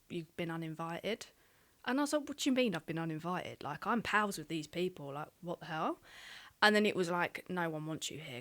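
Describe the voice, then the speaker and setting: A woman's voice: on the low side, a bit bright. A young woman telling a candid, sweary story on a casual podcast chat. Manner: candid, swears freely, lots of "like". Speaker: podcast co-host.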